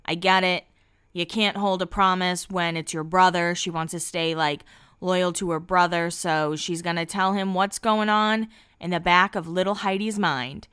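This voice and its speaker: A young woman casually recapping a reality show, chatty and gossipy, with quick asides. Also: lowish voice, fairly even intonation, fairly bright tone, clear, resonant tone, dry recording, studio quality.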